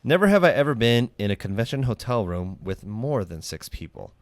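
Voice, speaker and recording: A man's voice: mid-range voice, big pitch swings, fairly quick, no echo, studio quality. A young man hosting a casual podcast, telling stories in a rambling way full of fillers and restarts. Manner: rambling, filler-heavy storytelling. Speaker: podcast host. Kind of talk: casual chat.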